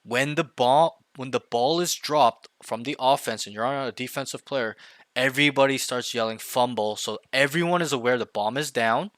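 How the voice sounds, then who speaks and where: The recording is dry as a medium-pitched game coach talks at normal speed to a student in a one-on-one voice chat. He speaks with emphasis, often checks in by saying "right?" and acts out loud team callouts.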